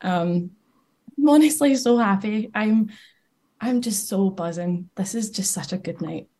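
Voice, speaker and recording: A woman's voice: mid-range voice, measured pace, dark tone. A young woman guest on a podcast, chatting in a bubbly way and laughing often. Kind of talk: casual podcast chat.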